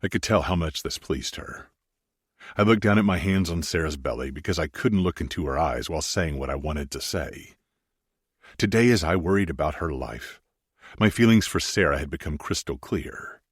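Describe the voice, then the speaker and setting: A man's voice: low voice, normal speed, breathy edge, no echo, studio quality. A man narrating a first-person romance audiobook in an intimate, brooding way.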